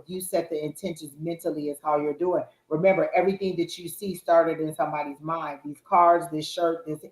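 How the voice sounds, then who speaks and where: A woman with a low voice chats her way through a live tarot reading, reassuring and loose in her phrasing. She speaks from home, and the sound is roomy with a noticeable echo. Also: darkish tone. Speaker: tarot reader co-host.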